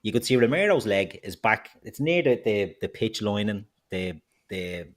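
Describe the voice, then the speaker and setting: A man's voice: fairly low pitch, sing-song, moderate pace. A man co-hosting a football podcast, ranting heatedly and swearing freely. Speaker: podcast co-host.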